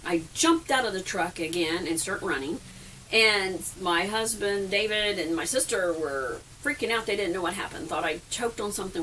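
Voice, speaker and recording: Faint background noise and a distant mic frame this casual camper-trailer vlog. A middle-aged woman, her pitch fairly low and tone a bit bright, laughs her way through meandering, self-deprecating stories about camping.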